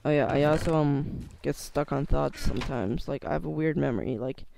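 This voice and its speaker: A man's voice: a little high, a little fast, vocal fry, darkish tone, a little hiss or hum. A teenage boy talking hesitantly in a casual vlog, full of fillers and restarts, his voice cracking now and then. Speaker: YouTuber.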